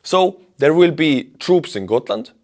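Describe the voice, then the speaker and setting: A man's voice: on the high side, big pitch swings, unhurried, darkish tone. A man, giving blunt, emphatic solo commentary on war news and pushing into indignant outbursts. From Estonia.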